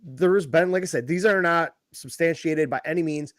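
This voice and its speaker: A man's voice: a little high, moderate pace, fairly bright tone, no room sound, clean studio sound. A man co-hosting a podcast in casual chat, rambling and swearing as he gets worked up. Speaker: podcast co-host.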